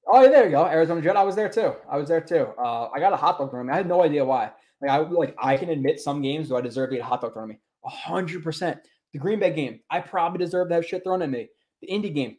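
A man's voice: a little high, darkish tone. A young man hosting a casual sports podcast, chatting loosely and swearing often, with many restarts as he reacts to chat comments. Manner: loose, profane, rambling with restarts. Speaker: podcast host.

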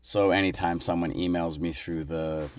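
Low-voiced man telling a work story. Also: normal speed, a little hiss or hum. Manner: animated, laughs while telling. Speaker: caller leaving a voice message. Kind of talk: casual storytelling.

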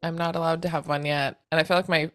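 A woman co-hosting a podcast, chatting casually and telling an animated story with plenty of swearing. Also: low-pitched, quick pace, no echo, clean studio sound. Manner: acts out others' lines in quoted voices. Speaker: podcast co-host. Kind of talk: casual chat.

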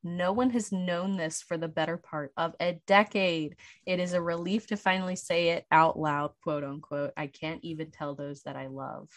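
A woman's voice: on the low side, fairly even intonation, normal speed, hardly any pauses, dry recording. A young woman co-hosting a casual chat, reading confessions aloud, swearing freely and laughing often. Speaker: podcast co-host.

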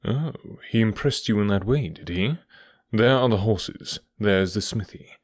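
A keen, commanding detective questions his companion in an audiobook, played by a man. He sounds eager and probing, sometimes sinking to a hushed murmur. The voice sits low and the recording is dry. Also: unhurried, dry recording. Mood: cool. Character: keen, commanding middle-aged male detective. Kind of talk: audiobook character voice.

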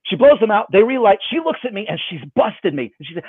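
A man, a magician, telling a story in an animated, jokey way. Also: sits high, fast, few pauses, slightly rough, no echo. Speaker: magician, guest. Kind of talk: casual storytelling. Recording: dry, tinny phone-like line.

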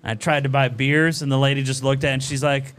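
A man's voice: medium pitch, level tone, fast, a bit bright, a little hiss or hum. A man guesting on a podcast who tells crude stories animatedly and laughs mid-sentence. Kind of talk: casual crude storytelling.

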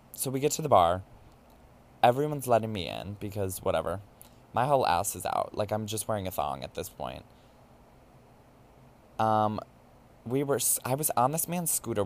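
A man hosting a podcast, telling a drunken night-out story in a campy, animated, casual way. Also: lowish voice. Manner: campy and animated, mimics voices in quotes. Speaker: podcast host. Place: New York.

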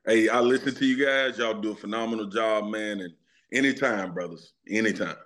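A man from Louisiana with a Southern US accent, a sports analyst guest chatting in a folksy, animated way. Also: fairly low pitch, a little fast. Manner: folksy, animated, warm-humored. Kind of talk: casual interview chat.

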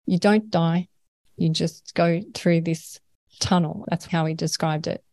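An Australian woman speaks in a meandering, earnest way, laughing now and then as she talks. Her voice sits a little low. The sound is dry, with no room echo. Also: fairly even intonation, measured pace, a little mellow. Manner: earnest, rambling, laughs often. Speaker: paranormal experiencer, guest. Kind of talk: conversational interview.

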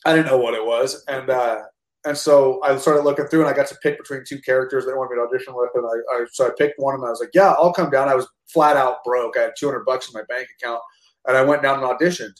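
A man tells his story in loose, casual talk, words tumbling out quickly. He is animated and swears freely, restarting sentences as he goes. The room has a roomy echo to it. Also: mid-range voice. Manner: animated, profane, full of restarts. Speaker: guest actor.

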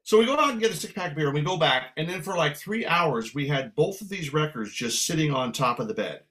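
Speaking fast in a fairly high voice, an older San Francisco musician appears as a guest and spins a long anecdote in conversation. He tells it with animation, performing the voices of the people in the story.

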